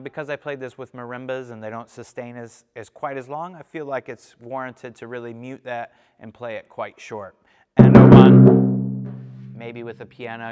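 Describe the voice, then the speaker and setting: Male timpani teacher, smooth and mellow, patient, counts beats aloud, checks in with "okay?", long room reverb. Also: mid-range voice. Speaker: percussion teacher. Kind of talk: instrument lesson with counting and demonstration.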